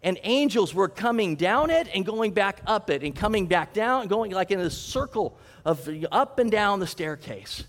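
A man acts out a Bible story in the first person, chatty and full of humorous asides. His voice is high and swings widely in pitch. A long hall reverb trails each phrase. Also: moderate pace, hardly any pauses. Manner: animated, conversational, humorous asides.

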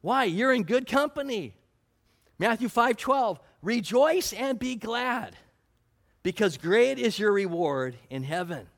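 Pastor, man, high pitch, earnest sermon delivery full of scripture quotes. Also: animated, takes it slowly, fairly bright tone. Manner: earnest preaching, quoting scripture, asking the congregation questions.

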